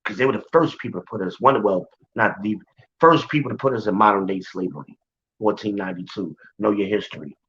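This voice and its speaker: A man with a low voice teaches scripture informally and emphatically. He drives his points home by repeating phrases and addressing listeners directly. The recording sounds dull and lo-fi. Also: brisk, a bit bright. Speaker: Bible teacher.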